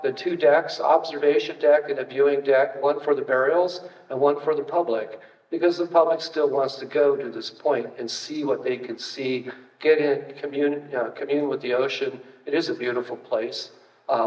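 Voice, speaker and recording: This retired archaeologist, an older man, speaks in a fairly high but darkish voice. His public slide talk is casual and anecdotal, peppered with fillers and dry humor. It was captured from a distance in a roomy hall, and the sound is dull.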